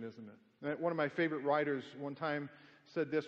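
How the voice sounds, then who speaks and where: A man's voice: fairly high pitch, moderate pace. A middle-aged man preaching a sermon, emphatic and full of rhetorical questions and folksy humorous stories. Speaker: pastor. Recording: dull sound with long hall reverb.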